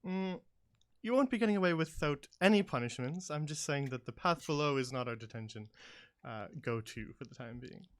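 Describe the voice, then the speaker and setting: A man voicing a courteous college staff guide who explains campus rules with many pauses. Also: fairly high pitch, natural voice. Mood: firm.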